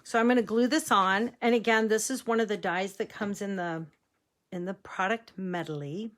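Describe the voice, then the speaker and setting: A woman talking through a card-making tutorial, easygoing and chatty. Her voice sits at an ordinary middle pitch. She drifts into rambling family stories and laughs easily along the way. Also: steady tone, normal speed, fairly bright tone. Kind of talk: casual crafting tutorial chat.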